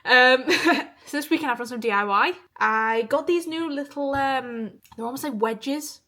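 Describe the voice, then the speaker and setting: A woman's voice: high voice, measured pace, sharp tone. A young woman from the of England talking casually to camera in a weekly vlog, chatty and open, swearing freely and laughing often. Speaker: vlogger.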